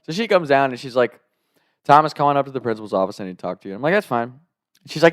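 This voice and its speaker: Animated young man telling a story. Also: mid-range voice, rapid-fire, dry recording, clean studio sound. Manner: animated, acts out quotes with sudden loud outbursts. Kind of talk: casual storytelling.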